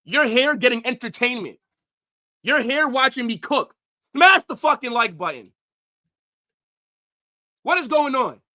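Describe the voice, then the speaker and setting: A man ranting angrily on a football livestream, profane, swinging from shouts to low mutters. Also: big pitch swings, unhurried, long pauses. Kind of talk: livestream rant.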